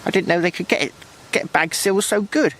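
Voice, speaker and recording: A man's voice: high-pitched, fairly quick, a bit bright, poor audio. A man with a West Country accent, chatting casually to camera as a metal detecting vlogger, rambling and talking to himself as he works in rural fields. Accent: West Country English. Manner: chatty, rambling, talks to himself while working. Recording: hissy outdoor recording with wind and rain.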